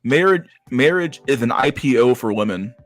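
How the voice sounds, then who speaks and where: A man's voice: medium pitch, expressive, normal speed, no echo. A man casually commenting on memes on a livestream, profane and rambling, with frequent stammered restarts. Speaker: streamer reacting to memes.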